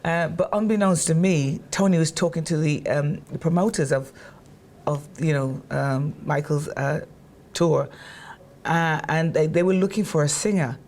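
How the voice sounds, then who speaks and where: Animated chatty woman storyteller. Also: deep voice, moderate pace. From England. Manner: animated, acts out quotes in a raised voice; chatty, many fillers and restarts. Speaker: guest singer. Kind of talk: casual storytelling interview.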